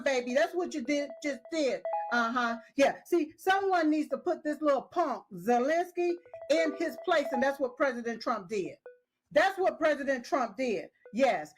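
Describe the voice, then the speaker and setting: A woman giving casual, opinionated commentary, emphatic and scolding, who keeps repeating "yes, yes" and "uh-huh". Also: high voice. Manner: scolding, talks straight at the people she criticizes. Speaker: political commentator.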